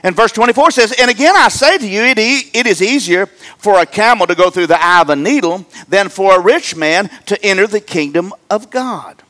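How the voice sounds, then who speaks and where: Animated joking preacher, high lively voice. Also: male voice, fairly quick, hardly any pauses. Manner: animated, joking, swings between loud emphatic and low asides. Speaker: pastor. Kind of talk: humorous sermon.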